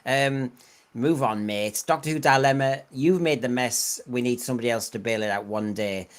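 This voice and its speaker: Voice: medium pitch, normal speed. A podcast host going through the news in a rambling, chatty way, full of fillers. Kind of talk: casual news chat.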